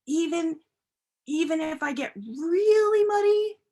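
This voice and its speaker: A woman's voice: extremely high pitch, expressive, takes it slowly, mellow, voice pushed up, exaggerated voice. A woman voicing a curious young boy who asks earnest, pleading questions in a children's story. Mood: eager.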